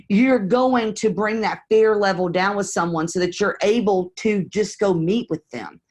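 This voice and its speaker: Woman, real estate coach, live stream Q&A, candid, acts out phone calls, mid-pitched voice.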